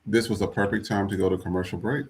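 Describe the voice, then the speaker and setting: A man's voice: on the low side, fairly even intonation, fast, a little hiss or hum. A man hosting a podcast in a loose, chatty way, full of fillers. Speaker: podcast host. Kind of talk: casual chat.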